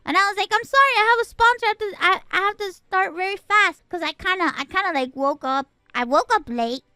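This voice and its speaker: High, bright, animated woman streamer. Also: no room sound, clean studio sound. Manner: animated, exasperated, quick retelling. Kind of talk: casual storytelling chat.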